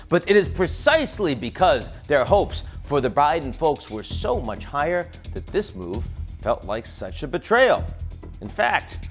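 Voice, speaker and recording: Middle-aged male host, sardonic scripted commentary, lively pitch, faint music bed. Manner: wry, sardonic, emphatic delivery.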